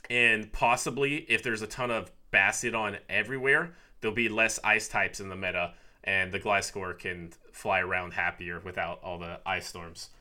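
A man's voice: lowish voice, bright, forceful tone. A man co-hosting a podcast, chatting casually and animatedly, laughing easily as he runs through his picks. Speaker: podcast co-host. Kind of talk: casual chat ranking picks.

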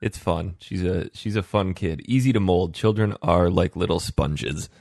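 A man in his thirties hosting a podcast in casual chat, jokey and quick to tell a story. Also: low-pitched, vocal fry, darkish tone, no echo, studio quality. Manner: jokey, storytelling, laughs easily. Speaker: podcast host.

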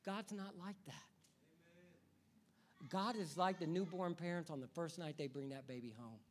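A man's voice: fairly high pitch, normal speed. A man preaching a sermon as pastor, building his points through rhythmic repetition and rhetorical questions to the congregation.

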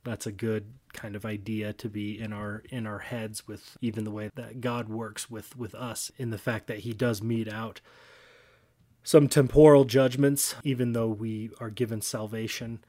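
A man's voice: on the low side, level tone, normal speed, mellow. A man giving casual, reflective commentary on a book he reads aloud, talking eagerly and restarting his phrases. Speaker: book discussion host.

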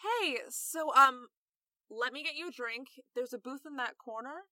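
A woman's voice: high-pitched, a little slow, sharp tone, no room sound, heavily acted. A woman voicing a friendly, outgoing young woman who is hosting a party, chatty and teasing, in a tabletop game. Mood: upbeat.

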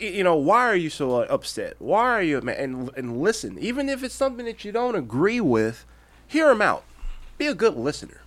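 A man in his thirties, a veteran guest on a podcast, talking bluntly and emphatically with heavy swearing and restarts. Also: high voice. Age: 30s. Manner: blunt, heavily profane, emphatic, repeats himself. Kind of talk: casual interview talk.

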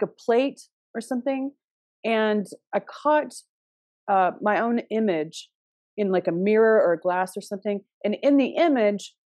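A woman's voice: mid-range voice, a little mellow, no room sound, studio quality. A middle-aged woman hosting a casual astrology talk, chatty, restarting often and laughing now and then. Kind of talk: casual spoken advice.

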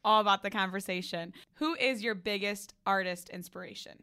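A woman hosting her own podcast, asking questions and agreeing warmly with her guest. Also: medium pitch, fairly quick, clear, resonant tone. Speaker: podcast host. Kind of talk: casual interview talk.

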